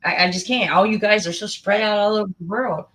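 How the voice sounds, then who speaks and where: Lady hosting a chatty stream, bright tone, talks over people, says things twice. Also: medium pitch, fairly even intonation, fast talker. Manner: emphatic, repeats words, talks over guest. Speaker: livestream host. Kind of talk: casual livestream chat.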